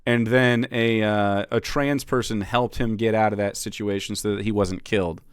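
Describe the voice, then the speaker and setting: A man's voice: lowish voice, fairly even intonation, normal speed, clean tone, no room sound. A man streaming live political commentary in a sarcastic, profane way, laughing often as he reacts to clips.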